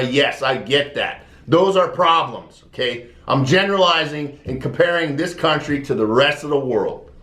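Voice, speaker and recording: A man's voice: medium pitch, a bit bright, echoey room. A man ranting bluntly and profanely to camera in a vlog, exasperated and pushy. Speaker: vlogger. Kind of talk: opinion rant to camera.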